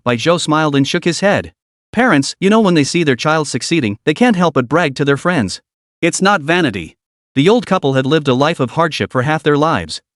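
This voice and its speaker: A man reading a web-novel story aloud in a steady narration style. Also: a little high, no room sound, clean studio sound. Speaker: audiobook narrator. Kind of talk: scripted narration.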